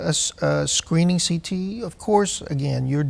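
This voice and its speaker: A man in his sixties, a doctor answering health questions on a TV call-in, slow and measured with many hesitant fillers. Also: on the high side, creaky, darkish tone.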